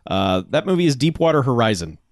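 A man's voice: medium pitch, sing-song, fast, no echo, studio quality. A man co-hosting a podcast, reviewing a film in rambling, profane, enthusiastic chat. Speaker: podcast co-host. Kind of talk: casual movie review chat.

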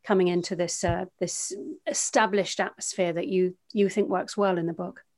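A woman interviewer who asks an author measured, inquisitive questions. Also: fairly low pitch, steady tone, a little mellow.

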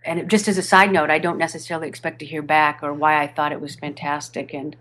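A woman who narrates audiobooks, chatting animatedly in an interview, with fillers and quick restarts. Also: sits low, flat delivery, a bit bright, slight background noise. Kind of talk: podcast interview chat. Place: home studio over a video call.

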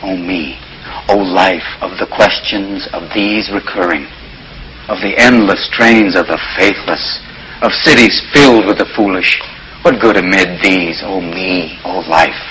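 An actor playing an earnest teacher who recites poetry in a declamatory way. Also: male voice, low-pitched, measured pace, sharp tone, slight background noise, poor audio.

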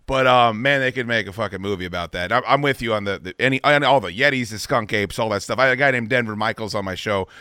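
Man, podcast host, bright tense voice, dry close sound, casual chatty talk. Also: on the low side, quick pace, hardly any pauses, clean tone, dry recording. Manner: swearing, laughing, self-deprecating. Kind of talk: casual interview chat.

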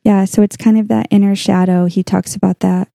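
A woman's voice: medium pitch, flat delivery, brisk, creaky, warm tone, a little hiss or hum. A woman co-hosting a casual faith podcast, talking earnestly through Bible passages from her notes. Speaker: podcast co-host.

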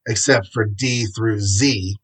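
A man reading aloud voices a commanding armored male superhero who gives clipped, brisk orders, with a husky voice. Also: fairly low pitch, steady tone, fairly bright tone, full character voice, rough recording. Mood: grim.

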